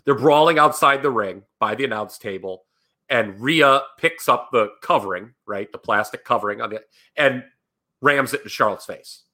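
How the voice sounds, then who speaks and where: A man's voice: mid-range voice, moderate pace, sharp tone. A man co-hosting a casual wrestling podcast, critical and emphatic, swearing as he rants about a match finish. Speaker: podcast co-host.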